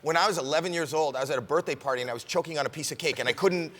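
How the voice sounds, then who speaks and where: A middle-aged man from Canada, a comedian telling a comic story as a guest on a late-night talk show, animated with quick self-deprecating asides. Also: fairly high pitch. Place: TV studio stage. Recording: loud studio audience and crowd noise. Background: laughing, applauding studio audience.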